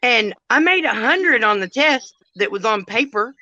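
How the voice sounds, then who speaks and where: A woman in her fifties hosting a livestream in casual, rambling chat, blunt and quick to swear. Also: on the high side, lively intonation, pushed and bright. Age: 50s. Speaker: livestream host. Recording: dull lo-fi stream audio.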